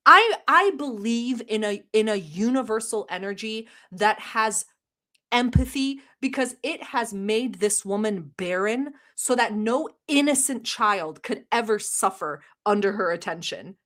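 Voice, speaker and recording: A woman's voice: on the high side, lively intonation, measured pace, a bit bright. A woman from the Middle East hosting a reaction channel, talking bluntly with sarcasm and swearing as she comments on clips. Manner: blunt, profane, sarcastic ranting.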